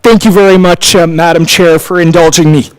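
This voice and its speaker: A man's voice: a little high, steady tone, a little fast, crowd noise, poor audio. Impassioned male councillor with a raised voice. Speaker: town councillor. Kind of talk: council meeting speech.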